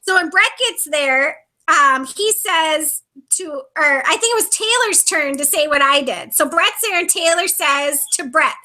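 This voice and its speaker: A woman from Minnesota with a very high, bright voice, chatting as an interview guest. She tells stories in a lively way and laughs often. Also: unhurried. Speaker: reality show contestant guest. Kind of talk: casual interview chat.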